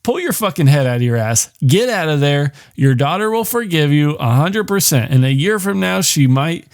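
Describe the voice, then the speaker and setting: A man's voice: on the high side, expressive, moderate pace, dry recording, studio quality. A man hosting a podcast, recapping a film in a casual, rambling and sarcastic way, swearing freely. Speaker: podcast host.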